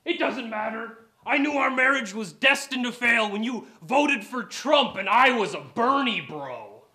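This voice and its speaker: A man playing a bumbling divorced cartoon dad in a live improv sketch, mock-dramatic and slow. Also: extremely high pitch, expressive, pushed and bright, heavily acted. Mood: mock-wounded.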